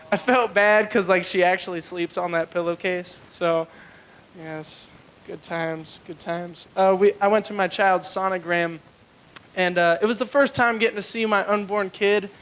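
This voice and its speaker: High-voiced young stand-up comic. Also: male voice, fairly bright tone. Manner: rambling, filler-heavy, crude. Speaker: stand-up comedian. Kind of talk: stand-up comedy set. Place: comedy club stage, live.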